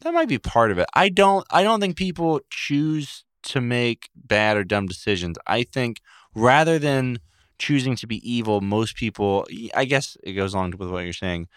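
A man co-hosting a podcast, talking in a wry, deadpan way and slipping into silly voices. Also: mid-range voice, moderate pace, smooth, no echo, studio quality. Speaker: podcast co-host. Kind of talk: casual comedic chat.

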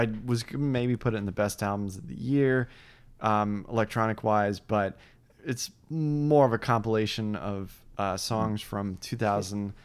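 A man's voice: on the low side, smooth. A man hosting a casual podcast, upbeat and chatty, rambling with fillers and frequent laughs. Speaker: podcast host.

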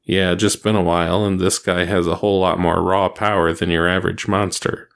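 A man doing a cocky, gravelly veteran hero. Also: low-pitched, flat delivery, fairly quick. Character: veteran adult male ranger, cocky and confident.

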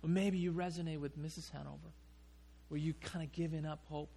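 A male pastor preaching a sermon, telling a story in an animated way and often restarting his sentences. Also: a little high, fairly quick, gravelly, husky.

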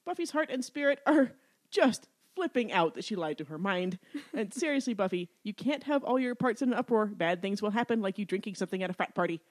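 A woman co-hosting a podcast, recapping a TV episode in an animated, wry way with frequent giggles. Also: mid-range voice, brisk. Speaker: podcast co-host.

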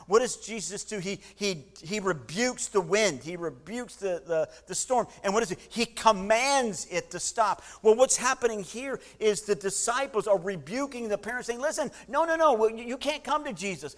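Animated preaching man, slightly high voice. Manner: animated preaching with many restarts, acting out quoted voices. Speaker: pastor. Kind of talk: sermon.

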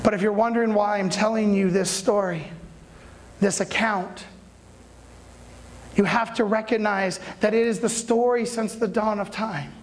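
A man preaching, retelling a story with dramatic swings from hushed lines to shouts and speaking straight to his listeners. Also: high voice, steady tone, measured pace, long pauses, a little hiss or hum. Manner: addresses listeners directly. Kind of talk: sermon storytelling.

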